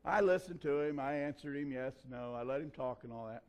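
A pastor preaching a sermon in a folksy, conversational way, telling a personal story. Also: male voice, mid-range voice, a little fast, darkish tone.

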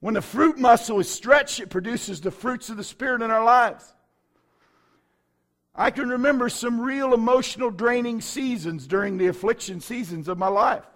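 A man's voice: extremely high pitch, moderate pace, fairly bright tone. A middle-aged man, a pastor, preaching a sermon with folksy stories and bursts of fervor.

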